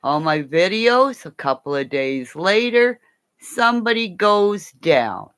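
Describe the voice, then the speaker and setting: A woman's voice: lowish voice, very animated, takes it slowly, a bit bright, smooth. A woman from Canada ranting angrily to camera in a profane, rambling monologue. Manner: profane and angry; rambling, jumps between topics. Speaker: vlogger.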